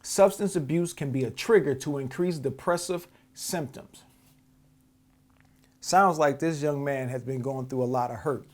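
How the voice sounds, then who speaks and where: A man's voice: medium pitch, a little slow, a little mellow. A man hosting a podcast, giving heated, profane commentary on a clip and often repeating words as he restarts. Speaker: podcast host. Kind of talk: reacting to a clip, casual commentary.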